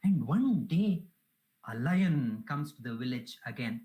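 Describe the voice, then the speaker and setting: A woman's voice: a bass voice, expressive, unhurried, warm tone, poor audio. A woman giving a devotional talk, telling a parable in an earnest, reverent way. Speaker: spiritual speaker.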